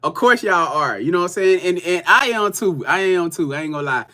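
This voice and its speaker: A man's voice: sits high, animated, brisk, pushed and bright. A man chats casually on a livestream tarot reading. He is loose and profane, cursing freely as he talks straight to his viewers.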